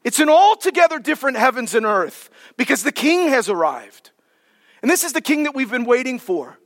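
A man preaching a sermon as pastor, emphatic, drawing key words out slowly for weight. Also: very high-pitched, big pitch swings, a bit bright. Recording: long reverb of a large hall.

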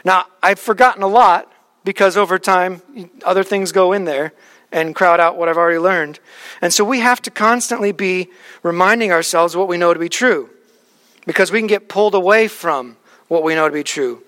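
A man's voice: high voice, normal speed, a bit bright. A man in his thirties, a pastor, preaching a conversational sermon with personal stories and frequent restarts. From Alaska.

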